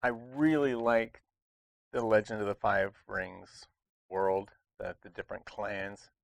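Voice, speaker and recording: A man's voice: lowish voice, flat delivery, slow, creaky, no room sound. A man hosting a casual board game review, talking in a chatty, rambling way with lots of restarts. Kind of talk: casual chat.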